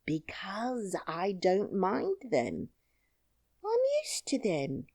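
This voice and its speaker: A woman's voice: medium pitch, huge pitch swings, drawn-out words, creaky, darkish tone, no echo, studio quality, pitched above the performer's own voice, exaggerated voice. A woman voicing a brave, cheerful twelve-year-old miner boy who talks boldly and plainly. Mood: frank. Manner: bold, singing taunts, plain-spoken.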